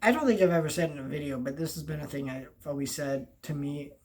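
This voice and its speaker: A young adult film vlogger in casual talk to camera, rambling and halting, often trailing off and restarting, and earnest and heartfelt. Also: medium pitch, darkish tone. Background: faint background noise.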